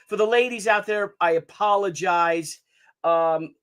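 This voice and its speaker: A man hosting a casual live stream, talking excitedly and chatting with his viewers. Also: sits high, unhurried, smooth. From Italian heritage.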